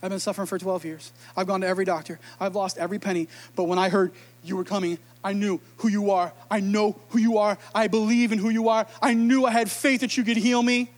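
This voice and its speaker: A man's voice: sits high, little pitch movement, fast, hardly any pauses, in a large hall, close to an everyday voice. A man voicing a suffering woman earnestly pouring out her long story of illness. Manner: earnest, pleading confession.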